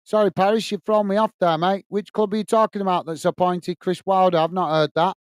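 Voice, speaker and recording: Male watch-along host, high and smooth, casual and chatty, dry close mic. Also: steady tone, fairly quick, dry recording. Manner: chatty, loose, often calls listeners "mate"; reads viewer comments aloud. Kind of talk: casual live-stream chat and match commentary.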